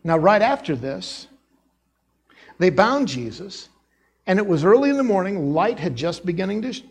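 A man's voice: high voice, normal speed, creaky, husky. A middle-aged man, a former associate pastor, preaching a sermon and acting out the quoted dialogue. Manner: animated preacher who acts out quoted dialogue.

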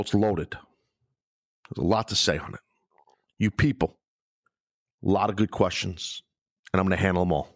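A man's voice: lowish voice, dry recording, clean studio sound. Profane man ranting on his podcast. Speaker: podcast host. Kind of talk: solo podcast rant.

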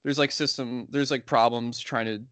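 A young man tells a story in a loose, rambling way, his words full of "like" and "you know". His pitch sits at an ordinary middle height for a man. The recording is dry and close, with no room sound. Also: fairly even intonation, moderate pace, a bit bright, clear, resonant tone, no room sound. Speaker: podcast co-host. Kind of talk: casual storytelling.

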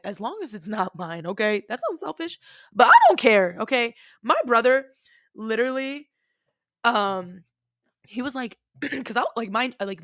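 A woman's voice: medium pitch, vocal fry, fairly bright tone, no echo, clean studio sound. A young woman hosting her own podcast, telling a personal story in a chatty, dramatic way full of fillers. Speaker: podcast host. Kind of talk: casual storytelling monologue.

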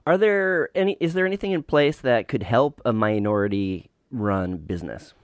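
A middle-aged man hosting an interview, asking measured, thoughtful questions and reflecting. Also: mid-range voice, lively intonation, smooth, no echo. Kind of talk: casual interview conversation.

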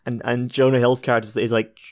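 A man's voice: medium pitch, little pitch movement, dry recording. Guy hosting a games podcast, swears a lot, jokes around, dry close mic. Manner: sweary, jokey, quick to laugh. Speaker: podcast host. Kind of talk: casual chat.

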